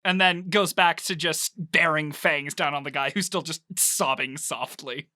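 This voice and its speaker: Bright-voiced man running a tabletop game. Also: fairly high pitch, unhurried, no echo, studio quality. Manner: relaxed, with frequent fillers. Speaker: game master.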